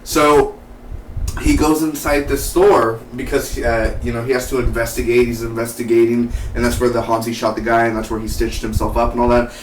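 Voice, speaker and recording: An excitable man rambles through a TV episode review, tripping over his words and restarting. He sits a little back from the mic in an echoey room with a faint hiss behind. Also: mid-range voice, normal speed, far from the mic. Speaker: TV show reviewer. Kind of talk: casual enthusiastic review.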